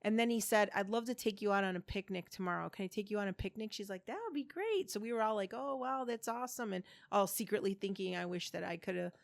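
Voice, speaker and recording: Animated woman telling a story, dry sound. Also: medium pitch, fast talker, gravelly, few pauses, no room sound. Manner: animated storyteller, acting out quoted voices, swearing freely. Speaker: podcast co-host. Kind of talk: casual chat, storytelling.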